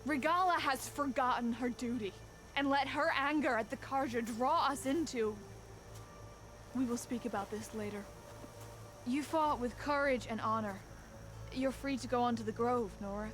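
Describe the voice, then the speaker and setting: A woman's voice: a little high, moderate pace, music in the background, close to an everyday voice. A woman voicing a stern tribal leader. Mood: commanding. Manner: firm, authoritative.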